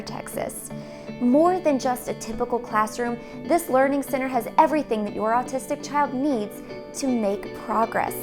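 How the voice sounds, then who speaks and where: High-voiced woman pitching a learning center over music. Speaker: founder of a therapy franchise. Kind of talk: promotional voice-over. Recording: music playing under the voice.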